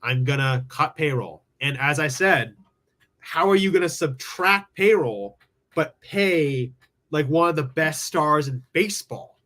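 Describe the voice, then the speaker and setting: Guy hosting a sports call-in stream, kinda high voice, lots of "like", rambles on. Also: animated, measured pace, fairly bright tone. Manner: rambling, thinks aloud with many "like"s. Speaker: sports talk show host. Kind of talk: casual live sports talk. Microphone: streaming from home with screen share.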